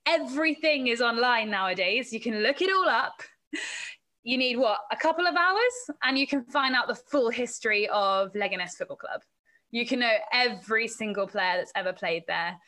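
An animated English woman with a slightly high, pushed and bright voice speaks at normal speed as a podcast guest. A presenter and reporter, she chats casually about her work in interview answers, laughing often and imitating the people she quotes.

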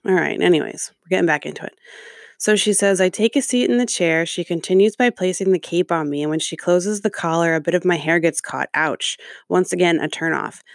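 A woman's voice: fairly low pitch, fairly quick, gravelly, no room sound, studio quality. A woman reading a customer review aloud and breaking off into sarcastic, profane rants about it. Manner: sarcastic, profane, exasperated asides. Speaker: commentator reacting to a review. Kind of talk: reading aloud and ranting commentary.

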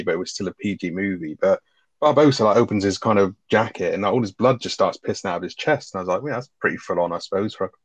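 A man with a fast, casual and sweary way of talking, reviewing a film with a co-host. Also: low-pitched, no room sound. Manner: swears freely, retells scenes with quoted lines. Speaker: podcast co-host.

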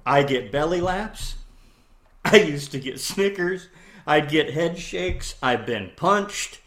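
A man in casual conversation, an animated storyteller who laughs often and jumps into loud, excited voices when quoting. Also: fairly high pitch, takes it slowly. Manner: laughs often while talking.

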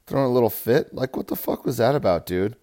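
A young man giving a profane, rambling fantasy football recap, swinging from loud hype to low mumbles. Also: expressive, quick pace. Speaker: fantasy football league player.

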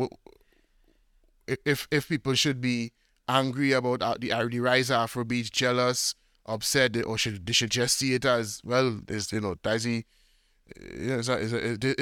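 A man's voice: mid-range voice, fairly bright tone, no echo. A man in a laid-back podcast conversation who steers the talk, tosses in short agreements and asks questions. His voice is recorded dry and close, with no room sound. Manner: steers the topic, lots of short agreeing "mm" and "yeah". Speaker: podcast host. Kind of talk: casual chat.

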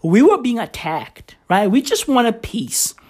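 A woman ranting loudly in a vlog. She swears constantly, and her voice is hoarse and cracking from shouting. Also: a little high, sing-song, slow pace. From South Africa. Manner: loud, shouty, swearing heavily. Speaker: vlogger. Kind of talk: profane vlog rant.

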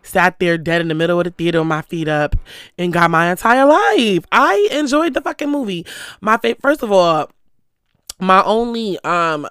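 A lively vlogger spills gossip to the camera, cursing often and jumping between stories. The voice comes across bright and smooth, recorded dry and close on a stand mic in a small room at home. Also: mid-range voice, no room sound. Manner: animated, profane, gossipy storytelling. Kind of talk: casual chat to the camera. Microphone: stand mic close to the speaker.

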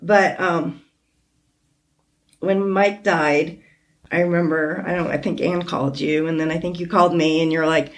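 A woman hosting a podcast, talking with a close friend in an emotional, heartfelt way, teary and halting at times. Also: on the low side, fairly even intonation. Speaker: podcast host. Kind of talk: emotional casual chat.

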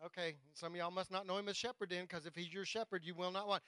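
A pastor delivers a sermon in a high, ringing, bright and forceful voice with a level, clean tone. He slows to read scripture with weight and emphasis, then addresses his congregation plainly and directly, recorded close and dry without room echo.

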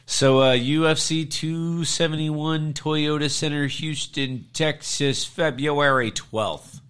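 A man's voice: a little high, steady tone, slow pace, fairly bright tone, clean tone. A man co-hosting a podcast, chatting casually about fights in a laid-back, profane way. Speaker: podcast co-host.

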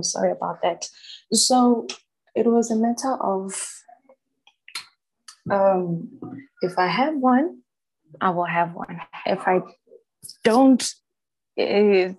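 A woman's voice: mid-range voice, darkish tone, dry recording, low-quality recording. A young woman talking frankly in a casual chat, laughing often and acting out what people said to her.

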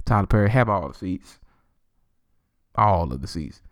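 A man hosting his own podcast, ranting solo in a profane, animated way and laughing often. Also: low-pitched, normal speed, long pauses, no room sound, studio quality. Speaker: podcast host.

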